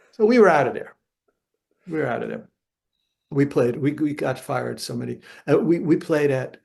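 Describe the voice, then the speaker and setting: Older man telling gravelly, animated stories. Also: mid-range voice. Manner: animated anecdotes, acts out voices. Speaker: guest jazz guitarist. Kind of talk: storytelling interview.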